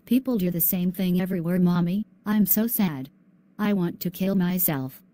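A female student voicing a young schoolgirl who is bullied, speaking softly and earnestly in a class video. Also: fairly low pitch, normal speed, no room sound, natural voice. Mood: sad. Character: young bullied albino schoolgirl, sad and gentle.

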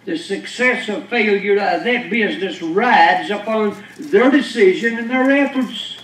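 A man's voice: high voice, a little slow, a bit bright, a little hiss or hum. A pastor preaching a sermon, pressing his points with rhetorical questions and emphatic declarations to a congregation. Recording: echoey church from far off.

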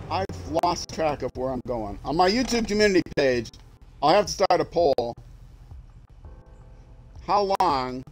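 A man's voice: sits high, noisy background. A man streaming a game, chatting casually as he plays, musing aloud and restarting his sentences. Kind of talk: casual gameplay commentary.

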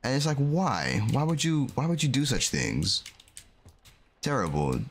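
A man casually commentating a game he is playing, animated and exclaiming as he reacts. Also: mid-range voice, unhurried, slight background noise. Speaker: gaming video host. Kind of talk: casual let's-play commentary.

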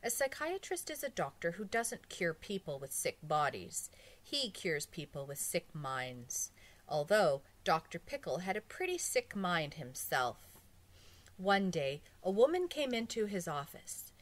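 Slow, expressive woman reading a story. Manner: expressive, slow, lively pitch. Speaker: audiobook reader. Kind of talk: storybook narration.

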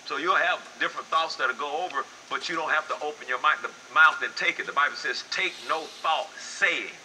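Older man preaching, bright and animated. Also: brisk, a little hiss or hum, rough recording. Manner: animated preaching, swinging from low murmurs to loud high exclamations. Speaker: pastor. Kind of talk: sermon.

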